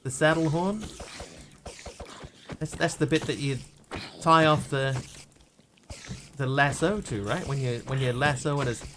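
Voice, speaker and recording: A man's voice: mid-range voice, measured pace, long pauses, noisy background. A man live-streaming a video game, chatting in a scattered way, yelping and thanking viewers as he plays.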